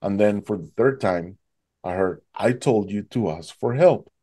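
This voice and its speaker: A man tells a gripping personal story. His voice is dark and mellow at rest. It leaps much higher whenever he acts out his own panicked cries. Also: a little slow. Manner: animated, acts out his own past voice rising high in panic. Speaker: guest telling his story. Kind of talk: emotional storytelling.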